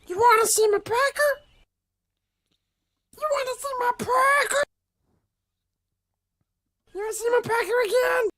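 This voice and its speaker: A shrill falsetto leerer. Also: male voice, unhurried, pauses often, no room sound, exaggerated voice. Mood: leering. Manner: pushy, repeating himself, shouty.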